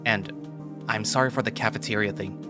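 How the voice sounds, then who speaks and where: A man voicing a huge, gruff male dinosaur fighting champion, grumbling in a low, urgent tone. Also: steady tone, brisk, lightly acted. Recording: voice over loud background music.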